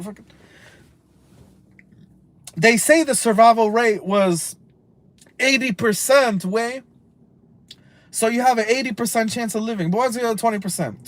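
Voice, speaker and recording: A man ranting on a livestream, rambling and cursing, dropping Spanish slang, swinging from loud outbursts to low mutters. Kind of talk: casual rambling livestream rant.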